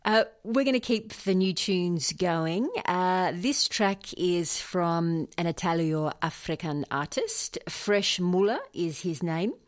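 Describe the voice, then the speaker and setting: A woman's voice: on the low side, takes it slowly, few pauses. An Australian woman hosting a community radio show in a chatty, casual way with easy fillers. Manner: chatty, with fillers and light laughs.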